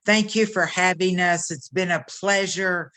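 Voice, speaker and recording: A guest on a video call, graciously thanking the host. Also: female voice, fairly low pitch, measured pace, pushed and bright.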